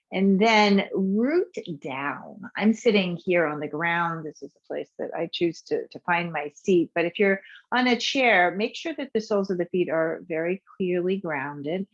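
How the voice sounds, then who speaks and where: A woman yoga instructor leading a guided breathing and movement practice in a soft, calm way, her voice trailing off quietly on the exhales. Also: on the low side, highs cut off.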